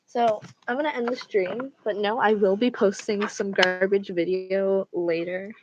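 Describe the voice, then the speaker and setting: A woman's voice: medium pitch, fairly even intonation, a little slow, noisy background. A woman streamer reading stories aloud and reacting casually, with emphatic remarks. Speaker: livestreamer. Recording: dull lo-fi mic.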